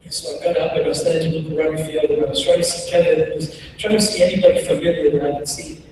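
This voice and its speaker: A man giving a keynote speech, telling a personal story in slow, measured phrases with dramatic pauses. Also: on the high side, little pitch movement, a little mellow, a little hiss or hum. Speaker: keynote speaker. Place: large conference hall. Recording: echoey hall recorded from far off.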